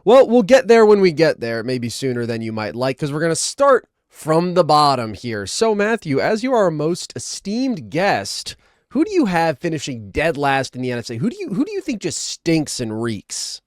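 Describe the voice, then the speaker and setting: A young man hosts a sports podcast in an animated, joking way, laughing often. His pitch swings widely as he talks, and the sound is dry and close with no room around it. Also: moderate pace, dry recording. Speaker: podcast host. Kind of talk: casual sports chat.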